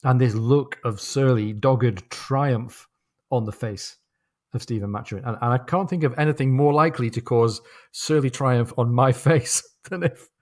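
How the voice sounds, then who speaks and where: A man co-hosting a podcast, chatting casually about a novel and reading passages aloud slowly and deliberately. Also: medium pitch, a little mellow. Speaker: podcast co-host. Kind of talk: casual book discussion with read-aloud passages.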